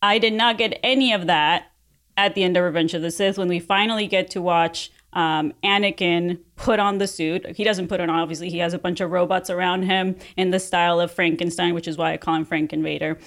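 A woman's voice: lowish voice, fairly even intonation, brisk, a bit bright. A woman in her forties on a casual podcast panel, rambling with many fillers.

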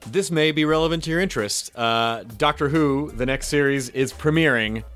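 A man's voice: on the high side, normal speed, fairly bright tone, soft background music. A man from the Southern United States hosting a podcast, chatting casually and playfully, with light jokes and ad reads. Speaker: podcast host.

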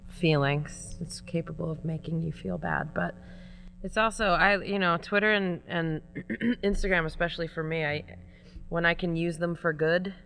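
A woman guest in a casual chat, talking in an enthusiastic, warm way. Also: lowish voice, moderate pace, slight background noise. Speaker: guest, pop singer.

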